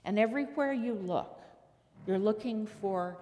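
A woman's voice: mid-range voice, measured pace, mellow, long reverb tail. A woman preacher giving a sermon, telling a story and asking the listeners rhetorical questions.

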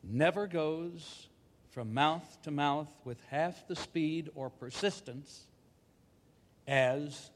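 A man giving a measured, scripted reflective talk with dry wit. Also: on the high side, big-room sound.

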